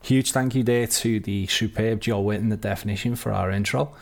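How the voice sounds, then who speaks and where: A man hosting a casual sports podcast, chatty and quick to laugh. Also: lowish voice, fairly even intonation, creaky. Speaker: podcast host. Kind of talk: casual chat.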